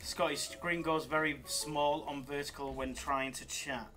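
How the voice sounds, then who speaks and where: Guy on a slots stream, bit high voice, jokey and excitable, music behind. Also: a little slow. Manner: excitable, joking, reacts loudly to spins. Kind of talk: live-stream casual banter.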